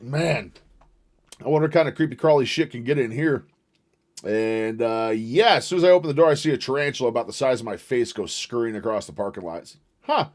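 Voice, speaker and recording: A man from the US reacting to a video on a live stream, talking loosely and joking around. He swears a lot and keeps up a running commentary over the clip. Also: mid-range voice. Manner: crude, joking, swears freely.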